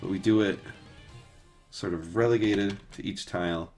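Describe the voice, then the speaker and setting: A man in his thirties streams his painting work, chatting loosely as he goes. His voice sits a bit low, and he rambles through stories with plenty of filler words, the odd curse and easy laughter. Soft guitar music plays faintly behind him. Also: fairly even intonation, normal speed. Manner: rambling, filler-heavy, swears and laughs easily. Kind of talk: casual chat while painting live.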